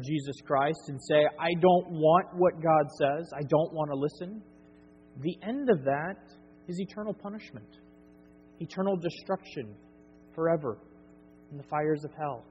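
A middle-aged male preacher with a somewhat high voice, delivering an earnest sermon that swells to emphatic peaks and falls back to quiet. His voice rings with long reverb through a dull, lo-fi church recording over a faint hum. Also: husky. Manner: earnest, builds to emphatic peaks then drops soft. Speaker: pastor. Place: church sanctuary.

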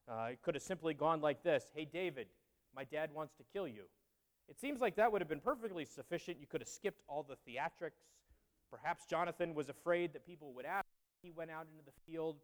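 A man teaching through a Bible passage in a conversational way, with candid asides and frequent fillers. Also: fairly high pitch. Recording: long reverb.

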